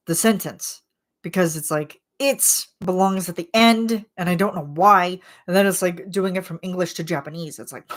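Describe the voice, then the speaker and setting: A woman hosting a casual chat vlog, rambling with lots of filler words and frequent laughs. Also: fairly low pitch. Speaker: channel host.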